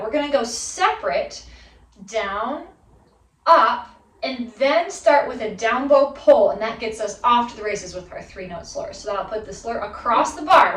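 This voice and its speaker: A woman's voice: on the high side, a bit bright. A woman in her thirties giving a fiddle lesson, upbeat and encouraging, who counts the student in before playing. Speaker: fiddle teacher. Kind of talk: instructional video lesson. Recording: roomy sound from a distance. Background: her violin playing between phrases.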